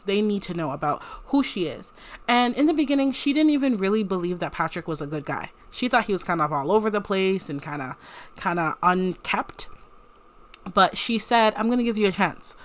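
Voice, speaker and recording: A young woman giving casual, giggly commentary as she plays and tells a story through a life-sim game. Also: medium pitch. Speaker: game streamer. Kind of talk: casual let's-play commentary.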